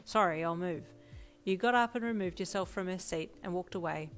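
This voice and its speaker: Woman reader, second-person fanfic narration, even delivery, faint music behind. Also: on the low side, fairly quick.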